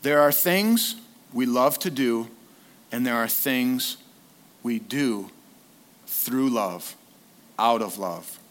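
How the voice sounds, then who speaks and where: A man's voice: mid-range voice, slow, long pauses. A man preaching a sermon in a casual, conversational way, often asking the congregation questions. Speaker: lay preacher, former youth leader.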